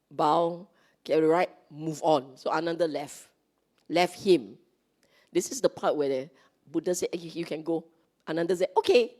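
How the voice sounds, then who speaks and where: Speaking in a deep, slightly mellow voice, a woman with a Singaporean English accent delivers a chatty Dharma talk to a congregation in a meeting hall. This Dhamma teacher frequently asks "okay?" and acts out the lines she quotes.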